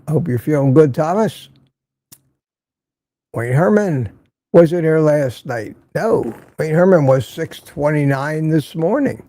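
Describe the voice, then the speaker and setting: A man's voice: a little high, warm tone, no echo. An older man hosting a casual livestream from Florida, reading viewer comments aloud and teasing them in a chatty way. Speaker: livestream host. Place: home in Florida.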